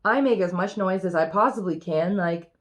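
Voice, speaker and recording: A woman reading a children's picture book aloud in an expressive, lively first-person storytelling voice. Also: fairly low pitch, normal speed. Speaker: reader.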